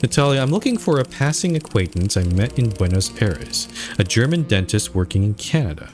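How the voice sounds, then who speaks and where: Man reading an inquisitive caller, low plain voice, game dialogue. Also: sing-song, fairly quick, over music. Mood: inquiring. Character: man, player character posing as a visitor.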